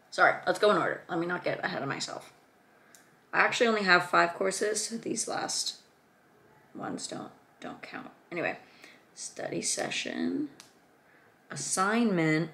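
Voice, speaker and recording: A young woman, a student vlogger, chatting casually and excitedly, gasping and gushing as she talks. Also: lowish voice, creaky. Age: young adult. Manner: excited, gushing, lots of gasps and fillers. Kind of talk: casual chat.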